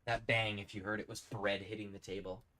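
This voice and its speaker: A man's voice: lowish voice, flat delivery, fairly quick, background noise. A man chatting casually while live-streaming a game, rambling and reading out his chat. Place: home streaming setup.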